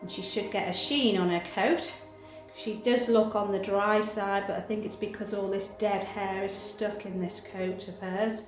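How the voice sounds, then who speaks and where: A woman grooming a cat, talking softly and coaxingly while explaining her work. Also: medium pitch, steady tone, moderate pace. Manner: soft, coaxing, chatty. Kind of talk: grooming commentary. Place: grooming room. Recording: echoey room with music behind.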